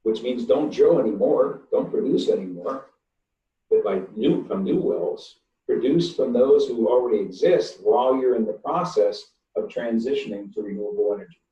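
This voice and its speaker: An older man, an engineering professor, answering webinar questions in a blunt, emphatic way, stressing key words slowly. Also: medium pitch, dark tone. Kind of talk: online webinar Q&A. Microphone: computer mic on a video call. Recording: distant, roomy, dull call audio.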